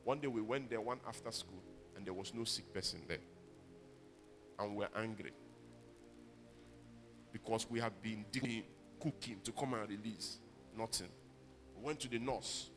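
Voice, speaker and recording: A man's voice: on the low side, normal speed, long pauses, in a large hall, soft background music. A man preaching a sermon, emphatic and calling on the congregation to repeat his words. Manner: emphatic, rises to loud exhortation. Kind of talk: sermon with call-and-response.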